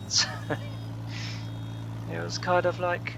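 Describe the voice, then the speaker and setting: Guy chatting over his farm game, gravelly voice, loose rambly talk with lots of ums, steady hum behind him. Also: high voice, takes it slowly, pauses often, dull audio. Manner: rambling, chuckling, lots of fillers. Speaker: gaming channel host. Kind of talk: casual let's play chat. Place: home living room.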